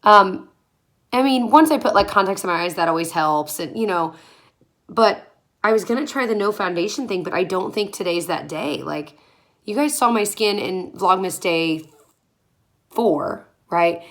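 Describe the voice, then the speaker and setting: In a mid-range, expressive voice at a moderate pace, a young woman in her twenties talks casually to her camera while getting ready in a small room at home. The beauty vlogger seems tired, rambles from thought to thought, and laughs a lot.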